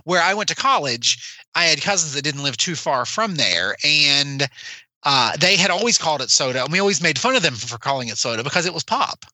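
A man's voice: on the high side, sing-song, brisk, sharp tone, no room sound. A man from West Virginia, co-hosting a casual podcast chat and rambling with restarts. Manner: rambling, self-correcting. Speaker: podcast co-host.

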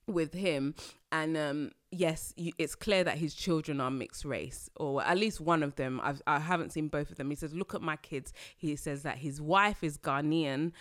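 A woman vlogger giving casual, animated commentary to her viewers, exclaiming often and laughing between points. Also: deep voice, no echo, studio quality.

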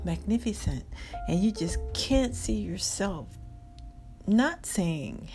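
A woman giving a devotional talk and a spoken prayer. She is soft and heartfelt, drifts into whispers and slips Spanish phrases in among her English. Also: mid-range voice, lively intonation, takes it slowly. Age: adult. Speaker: devotional vlogger. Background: guitar music.

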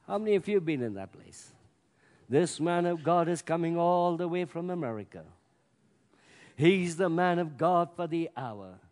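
High-voiced emphatic male preacher. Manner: emphatic, rising to loud peaks, acts out scripture voices. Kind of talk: sermon. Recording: long hall reverb.

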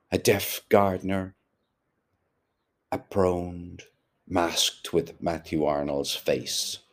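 A man narrating a literary novel as an audiobook, measured and deliberate. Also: sits low.

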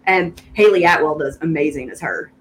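A woman's voice: sits low, normal speed, a little hiss or hum, rough recording. A woman with a Southern US accent in casual podcast chat, talking eagerly and laughing often. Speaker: podcast co-host.

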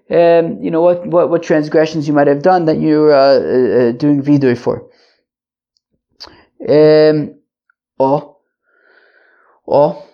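Gravelly man teaching a Talmud page. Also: high-pitched, warm tone, dull audio. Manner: explains in plain terms, many fillers and restarts; mixes Hebrew and Yiddish phrases into English. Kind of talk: daily Talmud lesson.

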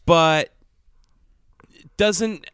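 A man's voice: fairly high pitch, extremely slow, a bit bright, clean tone, no echo, studio quality. A man co-hosting a comedy podcast, telling stories in a wry, profane way. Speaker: podcast co-host. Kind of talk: casual comedic chat.

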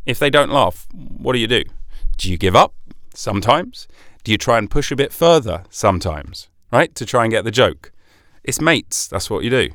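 A man's voice: on the low side, a bit bright, no echo. Chatty British man, dry close mic. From Britain. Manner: chatty and opinionated, rhetorical questions. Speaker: podcast host. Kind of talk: solo podcast monologue.

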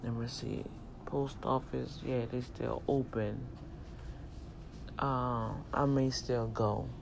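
The voice is a man's, mid-range and creaky, with fairly even intonation and a slow pace, set against background noise. A vlogger and self-publisher, he rants casually to camera in a preachy, folksy, emphatic way, speaking straight to viewers about turning to God.

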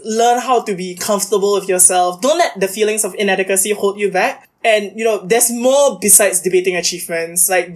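A young woman, a guest chatting in an interview and packing her talk with "like" fillers. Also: mid-range voice. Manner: chatty and animated, many "like" fillers. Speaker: podcast guest, university debater. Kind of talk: casual interview chat.

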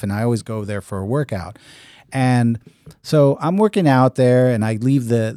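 A man's voice: lowish voice, mellow, dry recording, studio quality. A man co-hosting a podcast, telling a long rambling anecdote in casual chat and acting out the dialogue he quotes. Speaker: podcast co-host.

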